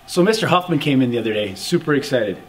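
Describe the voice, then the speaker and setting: Lively man telling punchline jokes. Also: medium pitch, fast, slight background noise. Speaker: joke teller on school announcements.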